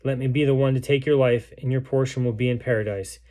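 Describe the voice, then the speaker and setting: A man's voice: medium pitch, fairly even intonation, fast, dark tone, close to an everyday voice. A man reading aloud the words of a starving, grief-stricken mother in a besieged city, in a solemn, pleading way. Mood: pleading, grieving.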